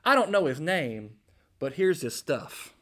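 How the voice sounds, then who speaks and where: Man voicing Tamar, young woman, sly, coy, higher pitch, wry. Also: big pitch swings, measured pace, fairly bright tone, heavily acted.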